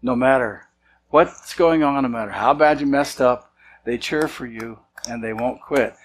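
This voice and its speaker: A man of ordinary pitch delivers a sermon in an easy, conversational way. He now and then acts out the voices of the people he is quoting. A faint hum runs under the recording. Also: a little slow, low-quality recording. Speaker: pastor.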